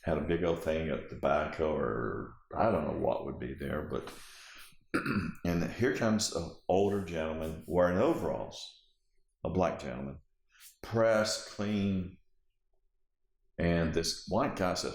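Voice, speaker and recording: Guy with a really low voice telling a story from his life, doing all the voices, roomy echo. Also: a little slow, vocal fry. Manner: vivid storyteller acting out dialogue. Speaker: interviewee. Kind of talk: personal storytelling.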